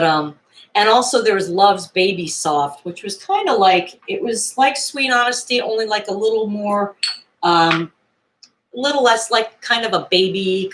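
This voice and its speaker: A woman in her fifties chatting casually in a vlog, rambling and hesitant with many fillers and soft chuckles. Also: mid-range voice. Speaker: vlogger. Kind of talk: casual nostalgic chat.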